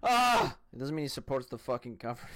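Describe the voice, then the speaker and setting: A man riffing in loose, profanity-laced reaction commentary, swinging between mutters and loud outbursts. His voice is smooth and clean, recorded dry and close with no room sound. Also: medium pitch, racing, no echo. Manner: profane, rambling, animated. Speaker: commentator reacting to a debate clip.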